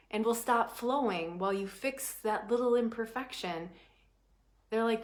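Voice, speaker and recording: A prosperity coach with a slightly high voice gives her class an animated, emphatic pep talk. She alternates suddenly between quick bursts and slowly drawn phrases, often asking "right?"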